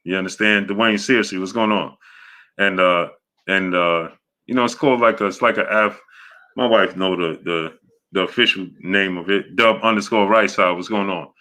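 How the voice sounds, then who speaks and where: Low, bright-voiced male streamer. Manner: halting, many fillers and restarts; greets viewers by name in a steady run-through. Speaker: host of a boxing live stream. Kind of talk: casual live-stream chat, greeting viewers by name.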